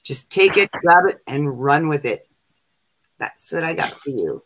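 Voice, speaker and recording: Woman co-host, bright edge, punchy repetitive pep-talk reading. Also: sits low, lively intonation, a little slow, slight background noise, poor audio. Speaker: co-host reading tarot cards. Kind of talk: casual livestream chat.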